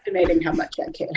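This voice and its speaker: Lively, self-deprecating woman co-host. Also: on the high side, a little hiss or hum. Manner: self-deprecating and quick-witted. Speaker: co-host of a reaction channel. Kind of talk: casual chat.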